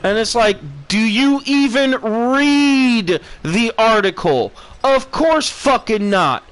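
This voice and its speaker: A man's voice: extremely high pitch, expressive, slow, fairly bright tone. A man streaming a profane, sarcastic rant that mocks people with put-on voices. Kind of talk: ranting commentary.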